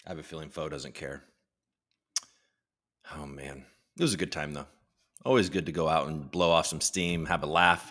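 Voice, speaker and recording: A man's voice: rumbling low, moderate pace, pauses often, a bit bright. A man hosting a casual live stream, rambling and joking with lots of swearing, teasing his viewers and reading news headlines aloud. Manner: profane, rambling, self-mocking banter. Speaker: livestream host.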